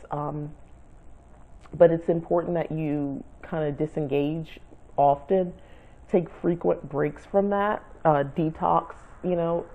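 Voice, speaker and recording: A woman's voice: sits low, gravelly. A woman giving casual spiritual advice to camera, rambling and searching for words as she talks. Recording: tinny phone-like sound.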